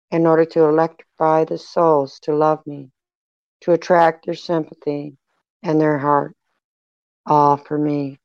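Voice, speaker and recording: A tender, grieving Jesus, as a reader puts him on, speaking slowly in a flat, even line. The voice is smooth and plain, set in a dry, slightly dull recording. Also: mid-range voice, dry recording, natural voice. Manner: measured, even delivery. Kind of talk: devotional reading aloud.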